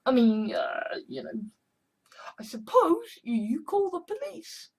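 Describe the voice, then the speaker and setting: A woman's voice: sits high, very animated, takes it slowly, darkish tone. A woman in an exasperated, profane monologue. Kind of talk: rambling monologue.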